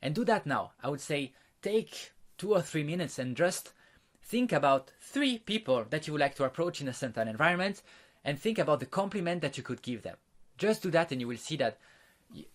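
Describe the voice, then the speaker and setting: A man's voice: on the high side, expressive, moderate pace. A man teaching an online social skills course, explaining step by step with frequent fillers and restarts. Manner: walks listeners through exercises and demonstrations.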